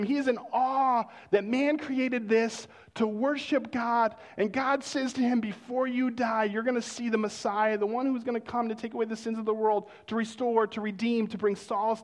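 A male pastor preaching a sermon in a conversational storytelling way, dropping to hushed exclamations of wonder. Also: very high voice.

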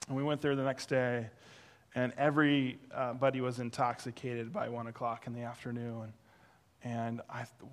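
A male pastor preaching through a personal story, animated and self-deprecating, acting out the voices he quotes. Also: medium pitch, normal speed. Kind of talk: sermon storytelling.

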